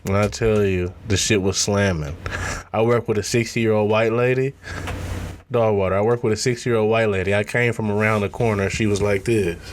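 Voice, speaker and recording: A man's voice: lowish voice, fairly even intonation, moderate pace, noisy background. A man co-hosting a casual podcast, telling work stories with a lot of swearing and laughter. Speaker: podcast co-host. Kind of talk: casual storytelling chat.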